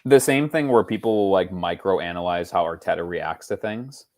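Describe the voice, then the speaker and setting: A man's voice: low-pitched, moderate pace. A man co-hosting a casual football podcast, rambling through stories and mimicking other people. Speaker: podcast co-host. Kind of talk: casual chat.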